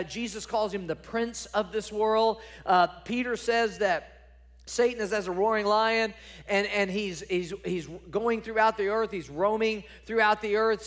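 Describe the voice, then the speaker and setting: A man with a notably high voice preaches a sermon to his congregation. He is emphatic and earnest, repeating words as he builds his points and turning to the church with direct questions. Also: fairly bright tone. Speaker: pastor.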